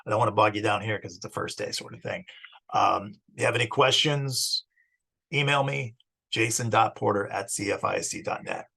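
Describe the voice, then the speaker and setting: A middle-aged man delivers a casual teaching intro, circling and restarting his sentences as he goes. His voice is deeply gravelly, full of fry. It also has a husky, rough edge. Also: fairly even intonation, moderate pace, sharp tone. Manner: conversational, digressive, restarts phrases. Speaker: psychology teacher.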